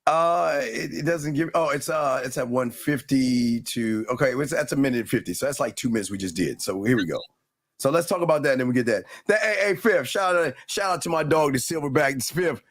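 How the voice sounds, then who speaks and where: A man hosts a laid-back reaction podcast, rambling and stopping to restart his sentences. His voice sits at an ordinary middle pitch. The sound is close and dry, with no room around it. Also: animated, fairly quick, no echo. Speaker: podcast host. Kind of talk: casual reaction chat.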